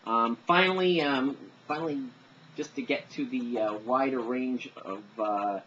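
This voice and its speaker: This amateur voice impressionist speaks at a medium pitch with a fairly bright tone and an unhurried pace, though the recording is muffled with a little hiss or hum. He chats casually and ramblingly about voices he can mimic, full of fillers and self-deprecating asides.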